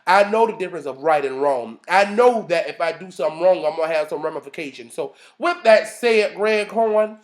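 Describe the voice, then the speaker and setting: A man in his thirties ranting casually as a vlogger, sassy and profane, acting out quotes in a high voice. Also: expressive, brisk, hardly any pauses. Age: 30s.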